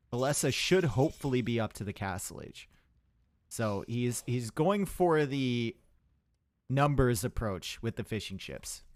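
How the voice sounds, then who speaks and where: A man's voice: medium pitch, dry recording. A young man casting a live strategy game match, chatty and rambling, with asides to his chat. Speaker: esports caster.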